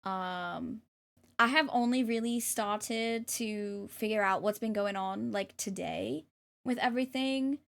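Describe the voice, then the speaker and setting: A young woman streaming live and reading tarot, speaking gently and hesitantly with many ums and restarts. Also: medium pitch, takes it slowly, vocal fry. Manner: gentle and affirming. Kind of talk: casual live-stream chat.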